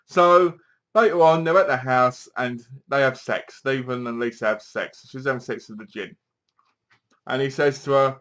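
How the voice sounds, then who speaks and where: A man's voice: fairly high pitch, moderate pace, fairly bright tone. Guy rambling through a movie review, exasperated, acts out the quotes. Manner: chatty, exasperated, retells scenes with quoted lines. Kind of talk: casual spoken film review.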